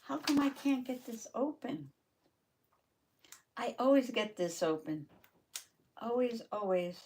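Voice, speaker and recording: A woman hosts a casual live journaling chat from her craft table, addressing viewers by name and laughing often. Her voice is fairly high and darkish, her pace slow, with slight background noise.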